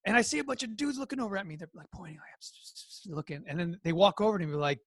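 A man with a New Jersey accent, a podcast guest telling animated stories and acting out quotes in casual chat. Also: sits high, racing, no room sound, studio quality. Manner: animated storyteller, acts out quotes.

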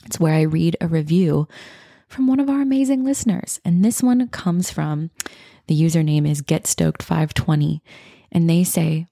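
Lady podcast host in her 30s, earnest gushy self-help talk, low mellow voice, dry close mic. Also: no echo. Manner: earnest, gushing and emotive, with soft breathy passages.

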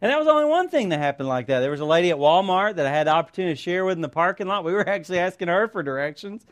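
A man's voice: high-pitched, expressive, rapid-fire. A man preaching a sermon, telling personal stories and asking the congregation questions. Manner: earnest storytelling, rhetorical questions to the congregation. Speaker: pastor.

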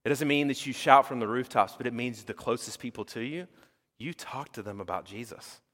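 A male pastor giving a sermon in a lively, conversational preaching style that acts out quotes. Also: mid-range voice, fairly quick, in a large hall.

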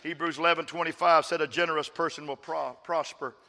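High, bright-voiced preacher. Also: male voice, steady tone, brisk. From West Texas. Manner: preaching with call-and-response, emphatic. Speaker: pastor. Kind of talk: sermon. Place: church stage before a congregation. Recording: long hall reverb.

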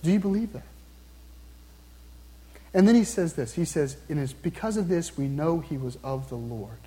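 A man preaching a sermon, earnestly posing questions to his listeners and slowing down to read scripture aloud. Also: fairly high pitch, expressive, dark tone. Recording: long reverb, hall-like.

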